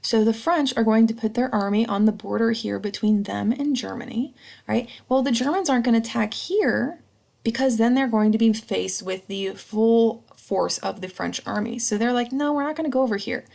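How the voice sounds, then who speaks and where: A woman's voice: on the high side, moderate pace, gravelly, a little mellow. A woman teacher giving a recorded history lesson, chatty and casual, checking in with a "right?" after each point. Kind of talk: recorded slideshow lecture.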